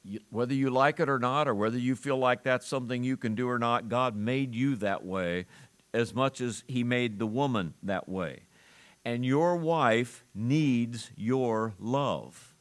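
A male preacher delivering a sermon at an unhurried, measured pace. He lands his points with earnest emphasis, pausing and restarting as he goes, and his voice sits in an ordinary middle register. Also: medium pitch. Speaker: pastor.

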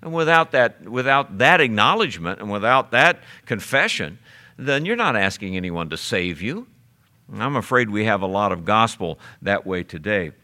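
A man preaching from the pulpit with a bright, forceful voice. He works through his points in an earnest sermon cadence, slowing down and lifting his pitch on quoted verses. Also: sing-song. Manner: preaching, slows and rises on scripture quotes. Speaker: pastor.

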